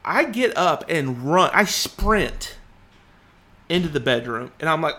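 A podcast co-host in his thirties tells a story during casual chat, animatedly acting out the voices he quotes. His voice is a little high and his pace a little slow.

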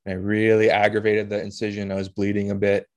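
A man hosting a podcast, telling a personal story in an emotional, halting way with blunt swearing. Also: fairly low pitch, monotone, a little mellow. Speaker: podcast host.

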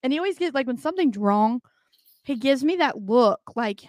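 A woman's voice: sits high, animated, a little fast, darkish tone, dry recording, clean studio sound. Blunt, profane young woman podcaster. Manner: blunt, profane, laughing often. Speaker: podcast co-host. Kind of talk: casual podcast chat.

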